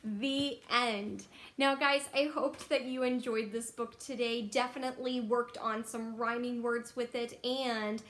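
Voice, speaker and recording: A woman from Texas reading a picture book to children as a teacher, playful and animated, pausing for them to guess and dropping into hushed asides. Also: on the high side. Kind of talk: children's read-aloud storytime. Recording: roomy echo.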